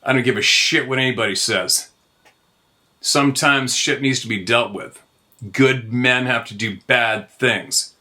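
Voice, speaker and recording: A man's voice: medium pitch, unhurried, pushed and bright. A middle-aged man hosting his own show, ranting in a heated, profane monologue. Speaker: host. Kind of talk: angry monologue.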